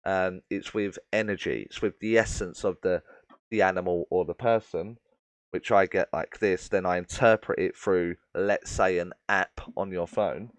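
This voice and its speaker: A man's voice: low voice, fairly even intonation, moderate pace, dry recording. A man hosting a live question-and-answer stream as a medium, explaining at length with many fillers and addressing viewers by name.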